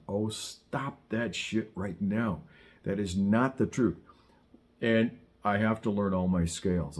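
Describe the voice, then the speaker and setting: In a Southern California studio, a middle-aged man gives a casual spoken saxophone lesson, chatty and prone to wry asides and digressions. His voice is fairly low in pitch and a little mellow.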